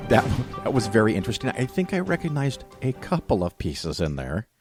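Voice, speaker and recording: Stammering male podcast host, low voice. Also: wildly swooping pitch, over loud music. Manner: friendly, halting, stumbles over words. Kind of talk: casual interview.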